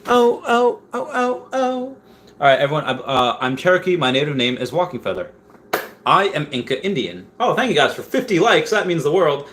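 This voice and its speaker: A man's voice: fairly high pitch, expressive, brisk, a bit bright. A young man hosting a casual livestream from home, rambling as he reads viewer comments aloud. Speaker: livestream host. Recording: faint background noise.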